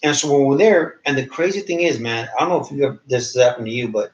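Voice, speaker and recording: A podcast co-host in his thirties tells a story during casual chat, talking fast and animatedly and acting out the quoted voices as he goes. The recording is roomy, dull, and low-fi.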